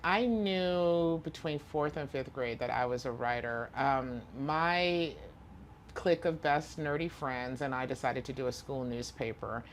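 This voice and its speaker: Woman, very low register, reflective guest interviewee, slight background noise. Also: a little slow. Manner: earnest, reflective storytelling. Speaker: guest, author and former teacher. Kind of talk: conversational interview answers.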